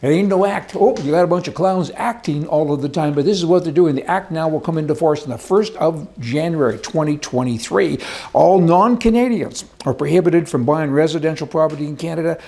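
A man's voice: on the high side, brisk, creaky, mellow. A man giving opinionated political commentary in an emphatic, rambling rant, talking indoors beside a fireplace.

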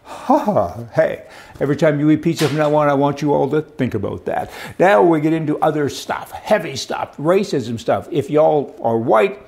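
A man's voice: on the high side, animated, moderate pace, creaky, a little mellow. A middle-aged man from Canada delivering a blunt, sarcastic monologue of opinion commentary.

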